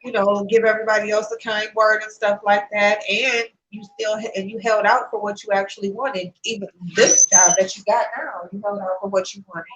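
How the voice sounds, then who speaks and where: A woman's voice: medium pitch, steady tone, moderate pace, few pauses, fairly bright tone. A woman hosting a casual livestream chat, encouraging and affectionate with her guest. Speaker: livestream host. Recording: echoey room, dull lo-fi sound.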